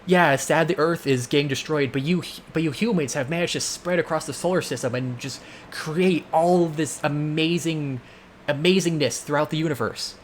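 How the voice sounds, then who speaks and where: A man's voice: a little high, normal speed, a little hiss or hum. A man hosting a game playthrough, talking casually with lots of filler words and slipping into exasperated rants. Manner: rambling, full of filler words; exasperated ranting. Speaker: let's play host. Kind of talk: casual gameplay commentary.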